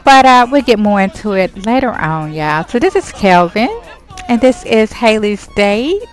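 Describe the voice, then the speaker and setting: A woman's voice: mid-range voice, very animated, a little slow, soft background music, poor audio. Chatty woman narrating a game. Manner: chatty, laughing, slangy asides. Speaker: gaming channel host. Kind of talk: casual let's-play narration.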